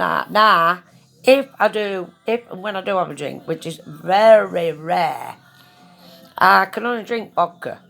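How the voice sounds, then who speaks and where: Telling a story straight into her phone, a woman vlogger speaks bluntly, swearing and using plenty of slang in a casual monologue. Her voice is mid-range with vocal fry and a slightly bright quality.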